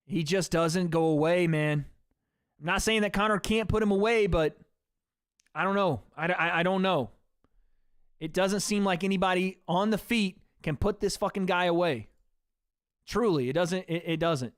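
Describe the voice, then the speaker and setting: A male livestream host with a hoarse, worn-out voice, rambling casually to his chat and swearing freely. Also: high voice, moderate pace, no room sound, studio quality.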